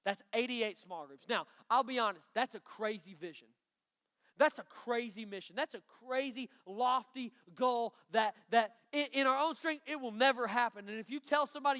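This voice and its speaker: A man preaching a lively youth sermon from a stage, emphatic and joking with the students. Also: very high voice, normal speed, clean tone. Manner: energetic, emphatic, bantering with the audience. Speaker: youth pastor. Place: stage in a large hall before a student crowd. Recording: long hall reverb.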